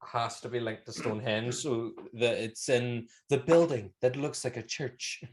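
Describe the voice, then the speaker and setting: A man's voice: medium pitch, steady tone, measured pace, a little hiss or hum. A man with a Northern Irish accent co-hosting a podcast, retelling film scenes in casual, swearing, laugh-filled chat. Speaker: podcast co-host.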